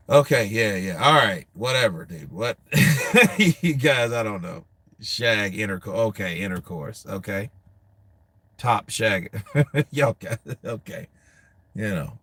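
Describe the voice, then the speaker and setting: A man's voice: on the low side, animated, takes it slowly, long pauses, a bit bright, slightly rough, no echo. Crude, laughing American guy chatting boxing. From United States. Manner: laughing often, loose and crude, talks to the chat. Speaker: boxing show host reading viewer comments. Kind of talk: casual profane chat.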